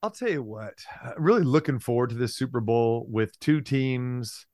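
An exuberant man talking sports betting as a podcast guest, his voice pitched around the middle for a man. He is recorded close and dry, with almost no room sound. His delivery is animated, tipping into loud playful shouting when he gets excited. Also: normal speed, no echo. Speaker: sports handicapping radio host, guest. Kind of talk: casual podcast chat.

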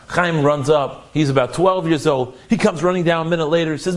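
A man telling an inspirational religious story in an animated, conversational way. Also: on the high side, a little fast, few pauses.

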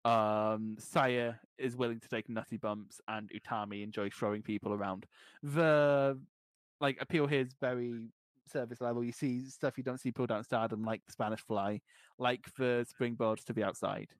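A man's voice: mid-range voice, fairly even intonation, moderate pace, no room sound. A man with a hard-to-place English accent, co-hosting a casual podcast, swearing freely and laughing through his stories. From Scotland. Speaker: podcast co-host. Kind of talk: casual chat.

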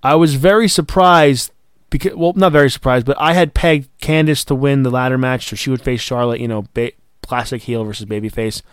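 Excitable man reviewing wrestling. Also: mid-range voice, a little fast, clear, resonant tone, dry recording, clean studio sound. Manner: excitable, swears, acts out quotes. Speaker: podcast co-host. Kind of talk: casual wrestling review chat.

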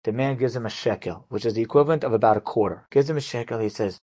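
A male rabbi telling an inspirational story in a lively, conversational way. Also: medium pitch, quick pace.

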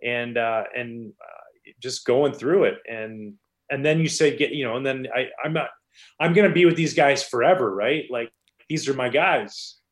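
A man, a former professional pitcher, telling stories in a casual interview, animated and rambling with many restarts. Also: moderate pace.

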